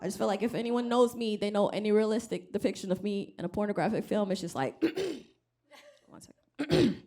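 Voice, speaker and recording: A woman's voice: medium pitch, fairly even intonation, quick pace, a little mellow. A woman from Rwanda doing a stand-up comedy set on stage, wry and self-deprecating, acting out other people's voices. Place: comedy club stage with live audience.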